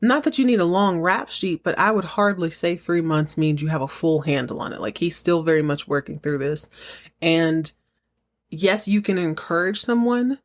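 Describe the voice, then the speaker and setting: A woman with a Southern US accent hosting a podcast, recapping a TV episode in a casual, animated way and acting out characters' lines. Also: fairly low pitch, moderate pace. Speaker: podcast host.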